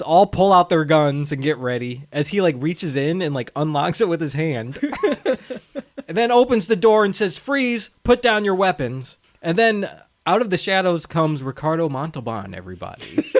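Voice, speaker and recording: A man co-hosting a movie podcast, retelling scenes in a casual, animated way and laughing often. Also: fairly high pitch. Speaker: podcast co-host.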